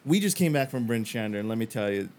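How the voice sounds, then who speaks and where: A man doing a boastful mercenary pitchman, Fillmore. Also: animated, fast, darkish tone, lightly acted. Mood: boasting. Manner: boastful sales pitch, rambling. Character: boastful male mercenary salesman, pushy.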